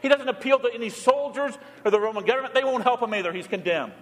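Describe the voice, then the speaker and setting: Speaking fast, a pastor addresses his congregation in a high, light voice that echoes around the reverberant church. Plain instruction gives way now and then to short pleas acted out in a quoted voice, while his delivery remains earnest and steady.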